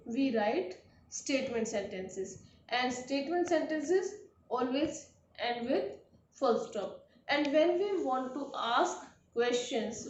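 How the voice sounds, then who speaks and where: A woman teaching a grade-school grammar lesson, explaining slowly and repeating herself. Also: high-pitched, echoey room, far from the mic, slight background noise. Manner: slow, repetitive classroom explaining.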